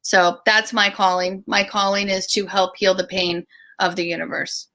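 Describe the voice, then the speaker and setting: Speaking at normal speed in a medium pitch, a middle-aged woman who is a guest author and speaker tells stories during an online interview. She's animated, performing the voices she quotes.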